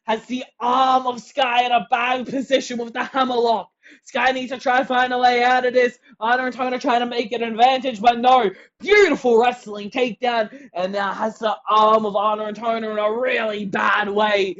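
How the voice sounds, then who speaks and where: An excitable wrestling commentator calls every move of the match, bursting into shouts whenever a big hit lands. The pitch sits in the middle range. The audio is dull and lo-fi. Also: moderate pace. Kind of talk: play-by-play commentary.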